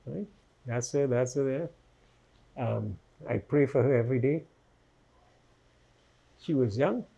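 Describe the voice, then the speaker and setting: An older man recounting his life story in a conversational interview, quietly and vividly retelling events and tagging questions onto his sentences. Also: medium pitch, measured pace, creaky, long pauses, slightly rough, muffled recording.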